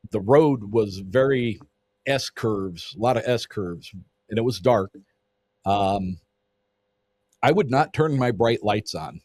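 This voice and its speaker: A man's voice: mid-range voice, a little mellow, no room sound. A man telling a story in casual conversation as a podcast guest, vivid and swearing freely, acting out what people said.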